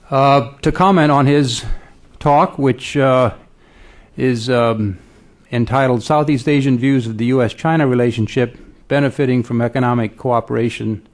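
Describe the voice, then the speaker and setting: Halting man introducing speakers. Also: mid-range voice. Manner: halting, many "uh" fillers. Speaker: panel moderator. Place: conference room.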